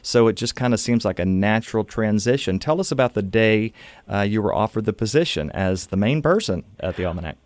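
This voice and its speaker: A man with a Southern American accent hosts a radio interview in a relaxed, folksy way. His voice sits a little low. The studio sound is dry and close. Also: fairly quick, no room sound. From Oklahoma. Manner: conversational, folksy. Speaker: radio host.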